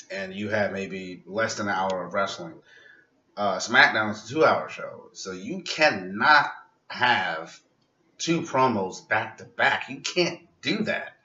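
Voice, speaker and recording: A man reviews a wrestling show in a casual, critical rant. His voice is lowish with a sharp edge. The sound is dull and lo-fi, picked up from a distance in a roomy space. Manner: ranting and critical. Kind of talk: casual opinionated vlog review.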